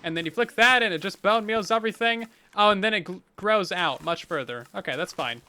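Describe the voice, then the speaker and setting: A man's voice: high-pitched, fairly quick, sharp tone, clean tone, no room sound. A man hosting a game let's play, talking in upbeat, chatty commentary with dry sarcastic jokes. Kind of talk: casual gameplay commentary.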